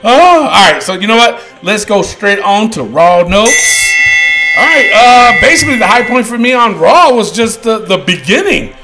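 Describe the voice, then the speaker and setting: A man hosting a wrestling podcast, talking loud and ranting with lots of swearing. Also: sits high, very animated, normal speed, music in the background, rough recording. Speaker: podcast host. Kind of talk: casual wrestling podcast chat.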